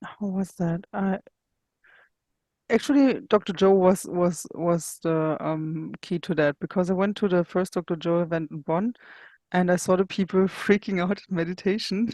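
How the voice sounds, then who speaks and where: A woman being interviewed who tells a candid personal story in a searching way, often pausing to find her words. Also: fairly low pitch, mellow, dry recording. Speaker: interview guest.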